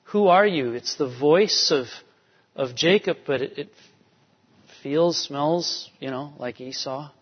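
A man's voice: medium pitch, slow pace, breathy edge. A man preaching a sermon as pastor, emphatic, with sudden drops to near-whispers. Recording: dull sound in a long-reverb hall.

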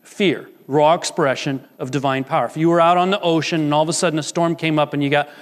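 A man preaching a sermon as pastor, animated and emphatic, slowing down to stress key phrases. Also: fairly high pitch. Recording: long reverb of a large hall.

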